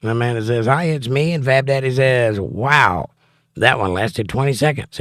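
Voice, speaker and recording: A man hosts a relaxed livestream, reading out chat messages and tossing back quick wisecracks. His voice sits at an ordinary middle pitch. The sound is dry and close, picked up by a desk mic in a small home room. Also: no room sound.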